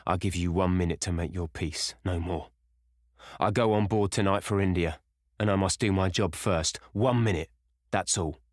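A man voicing a short, thick-set vengeful sailor who growls threats in a gruff voice, in a storybook reading. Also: deep voice, moderate pace, no echo, clean studio sound, close to an everyday voice. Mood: menacing.

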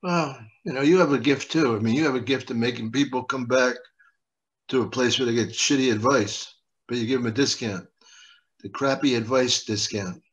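A sardonic, wisecracking man trades improvised comedy banter as a therapy patient. His pitch sits in an ordinary middle range, and he delivers the jokes in a dry, mocking way. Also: moderate pace, dull audio. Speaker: comedian guest playing a patient.

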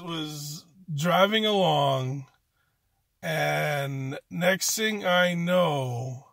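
Man, from Canada, amateur stand-up comic, profane rambling rant, unhurried delivery, dry close sound. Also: fairly high pitch, fairly bright tone, no room sound. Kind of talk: stand-up comedy set.

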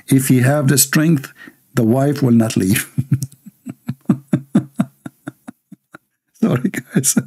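A man's voice: medium pitch, dark tone, husky. A man hosting a livestream, reading viewer comments aloud and mocking them with sarcastic asides and laughter.

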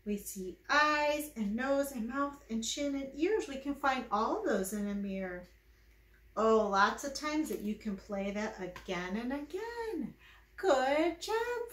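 High, sing-song storytime librarian woman. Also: lively intonation, slow pace, echoey room. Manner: sing-song, coaxing questions to babies with gasps of delight. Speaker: children's librarian leading baby storytime. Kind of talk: baby storytime reading and rhymes. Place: at home.

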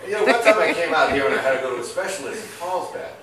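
A man's voice: fairly high pitch, expressive, rapid-fire. Older male comic, rambling and giggly; heard from afar in a roomy club with audience. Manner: rambling, laughs at own jokes. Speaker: stand-up comedian. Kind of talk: open mic stand-up. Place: comedy club. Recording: echoey club, far from mic, crowd. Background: audience laughter.

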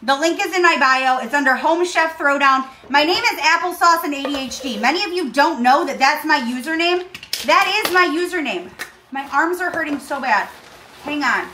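A woman hosting a comedic cooking tutorial in her home kitchen, talking in an aggressive, deadpan, complaining way while uncomfortable in a costume. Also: high-pitched, normal speed, echoey room, a little hiss or hum. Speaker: cooking show host.

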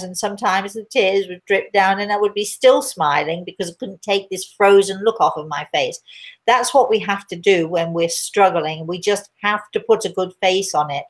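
A middle-aged woman and spiritual teacher speaking live to viewers, slow and deliberate, repeating key words for emphasis. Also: lowish voice.

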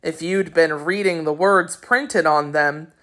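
Gentle old typesetter man, calm and low, slow and unhurried, read by a woman. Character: kindly old male typesetter, gruff then gentle.

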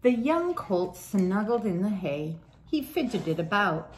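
An older woman reading a children's picture book aloud in a gentle, unhurried storytelling manner. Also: medium pitch, very animated, a little hiss or hum. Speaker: storybook reader.

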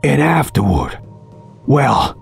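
A man's voice: mid-range voice, very animated, slow pace, gravelly, slightly rough, voice pushed up, exaggerated voice. A man voicing a mad, genial middle-aged male doctor who drifts between cheer and menace, in an audiobook. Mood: rambling. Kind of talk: audiobook character voice. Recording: faint music underneath.

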